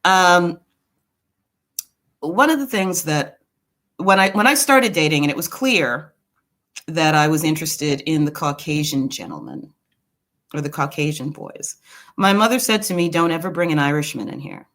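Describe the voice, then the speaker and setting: A woman from Brooklyn telling a personal story in a casual, digressive monologue, with quick asides to the viewer. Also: deep voice. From Brooklyn, New York. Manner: animated, swings her voice widely. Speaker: commentary channel host.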